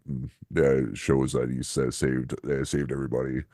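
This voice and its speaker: A man co-hosting a podcast in casual chat, rambling and laughing often, his voice jumping up when excited. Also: very deep voice, normal speed, no room sound, clean studio sound. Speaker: podcast co-host.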